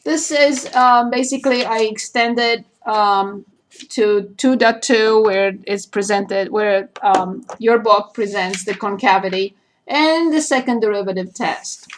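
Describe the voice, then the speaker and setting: A woman math teacher giving a recorded calculus lecture, slowly spelling out each point and step as she works through a graph. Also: medium pitch, a little hiss or hum.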